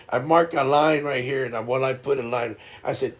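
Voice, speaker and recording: A man's voice: a little high, normal speed, few pauses. A man hosting a live stream, telling a casual story and laughing often.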